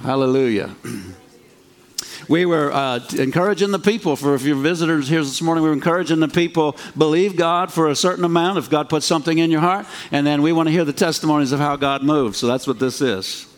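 A man leads a church service with an upbeat, encouraging manner. His voice sits a little high for a man. He laughs lightly between his phrases as he calls people up to speak. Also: a little fast. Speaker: pastor.

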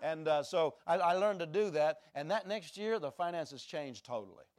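A man with a notably high-pitched voice preaches a personal testimony as a traveling minister. His delivery is earnest and emphatic, the voice of a storyteller speaking to a church service. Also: expressive, moderate pace. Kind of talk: sermon testimony.

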